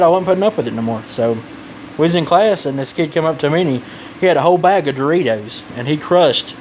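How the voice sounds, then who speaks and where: A man's voice: on the high side, darkish tone, slight background noise, poor audio. A man giving blunt advice in a casual vlog, rambling and swearing freely.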